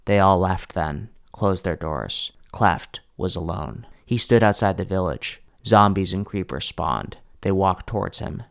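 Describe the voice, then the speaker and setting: A man's voice: low-pitched, creaky, no room sound, studio quality. A man narrating a story in a dramatic scripted style, with sudden shifts in pace.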